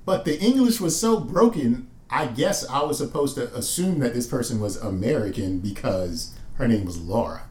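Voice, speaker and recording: A man co-hosting a podcast, chatting casually with dry, expressive asides. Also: medium pitch, moderate pace, hardly any pauses, roomy sound. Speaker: podcast co-host.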